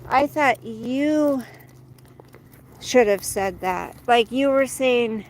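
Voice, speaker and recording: Vlogger type, a woman with a slightly high voice, casual and talkative, recorded outside with faint noise around her. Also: expressive, very slow, rough recording. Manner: chatty, venting, breaks off to coax her dog. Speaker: vlogger walking her dog. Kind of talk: casual chat. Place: outdoors on a street.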